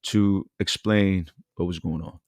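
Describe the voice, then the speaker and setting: A man hosting a radio show, giving animated, chatty commentary on celebrity news and laughing often. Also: deep voice, unhurried, slight background noise.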